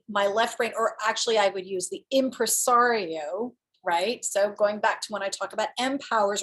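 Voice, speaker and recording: An earnest woman coach talks casually on her live self-help show. She is animated and laughs often, and she slips into little acted-out inner voices. Her pitch sits in a middle range. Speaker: host and inner-work coach.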